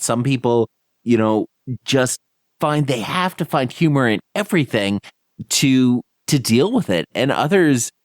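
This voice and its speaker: A man's voice: a little high, dry recording, studio quality. A man hosting a podcast interview, reflective and thinking aloud. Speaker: podcast host.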